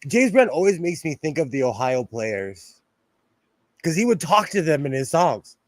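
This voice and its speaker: A young adult man hosting a casual sewing livestream from home, talking into a phone set close by. His voice sits somewhat high and sounds dry, with no room around it. He rambles from one aside to the next and laughs often. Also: sing-song, moderate pace, no room sound. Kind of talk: casual live-stream chat.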